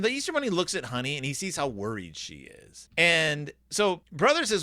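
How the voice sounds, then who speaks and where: Lively bright-voiced man reviewing books. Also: fairly high pitch, fairly quick, hardly any pauses, no echo. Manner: enthusiastic, rambling, acts out the characters' lines. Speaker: podcast host reviewing children's books. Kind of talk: casual book review chat.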